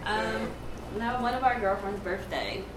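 A woman's voice: fairly high pitch, a little slow. Easygoing woman in a noisy echoey room. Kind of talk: casual chat among friends. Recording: echoey room with clear background noise.

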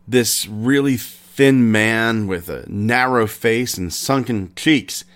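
Slow, deliberate male true-crime storyteller. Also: lowish voice, fairly bright tone. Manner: unhurried, conversational retelling with pauses. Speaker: podcast host.

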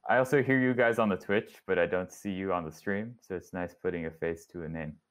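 A man's voice: sits low, a little fast, a bit bright. A young man, a student, appearing as a guest on a casual podcast and making dry jokes. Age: young adult. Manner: dry joking.

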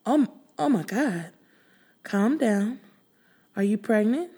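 A woman's voice: mid-range voice, animated, takes it slowly, dark tone, slightly rough, voice pushed up. A woman voicing a kind female neighbor who speaks in a soothing but urgent way.

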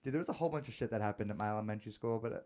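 A young man in casual chat, swearing freely and acting out school memories with excitement. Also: on the low side, racing. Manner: profane and excitable, acting out quotes loudly.

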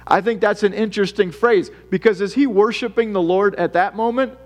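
A man's voice: sits high, fairly quick, soft background music. A man preaching a sermon in an earnest, conversational way, acting out worried prayers and reading Scripture aloud. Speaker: pastor.

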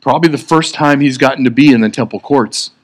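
A man's voice: medium pitch, quick pace. A man giving a sermon in an earnest, conversational way, often restarting his sentences. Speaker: preacher.

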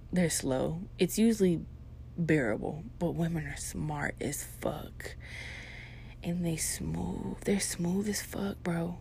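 A young woman with a slightly low voice runs a comedic rant straight at her audience. She swears freely and talks bluntly, sinking into hushed asides before bursting out loud. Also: gravelly, a little hiss or hum. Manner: profane, blunt, swings between hushed asides and loud outbursts. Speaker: vlogger.

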